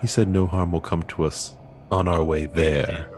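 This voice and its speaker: A man's voice: deep voice, fairly even intonation, moderate pace. A man playing a tabletop game, asking blunt questions in casual role-play banter. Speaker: player.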